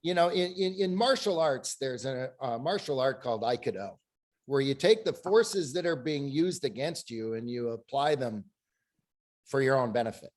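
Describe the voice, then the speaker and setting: Animated storytelling man on a panel. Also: mid-range voice, normal speed. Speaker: webinar panelist. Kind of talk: panel discussion.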